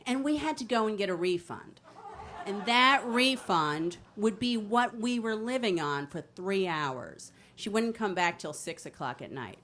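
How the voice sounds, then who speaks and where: A New Jersey woman in her 50s tells a brash, comic true story into a microphone on a storytelling stage at a city venue, her delivery animated. Her voice is medium-pitched and measured, with slight background noise.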